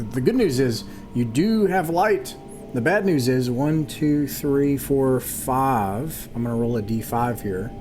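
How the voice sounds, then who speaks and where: A man narrating as game master of an online tabletop game, halting and full of fillers and restarts. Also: medium pitch.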